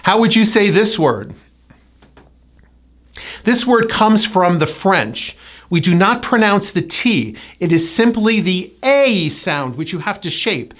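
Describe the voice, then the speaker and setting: Slow, lively American woman coach. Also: medium pitch. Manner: slow, exaggerated enunciation with drilled repetitions. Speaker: pronunciation coach. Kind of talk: pronunciation lesson.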